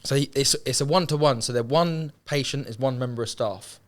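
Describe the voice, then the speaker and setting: A man's voice: mid-range voice, brisk. A man telling his life story candidly as an interview guest, swearing freely and acting out what others said. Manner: swears freely, frequent restarts, acts out quoted speech.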